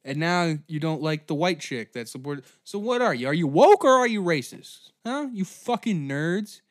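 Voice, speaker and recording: A man hosting a comedy podcast, delivering a profane, mocking, angry rant that swings between shouting and muttering. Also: on the high side, animated, normal speed, no room sound, studio quality.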